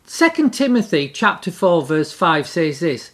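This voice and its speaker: A middle-aged speaker giving a devotional talk in an animated way, repeating key phrases for emphasis. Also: medium pitch, measured pace.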